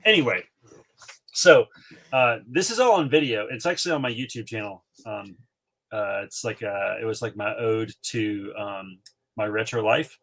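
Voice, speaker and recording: A man in his forties from North Carolina, co-hosting a podcast and telling a childhood story in an animated way, with many fillers. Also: fairly low pitch, normal speed, gravelly. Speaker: podcast co-host. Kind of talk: casual storytelling chat.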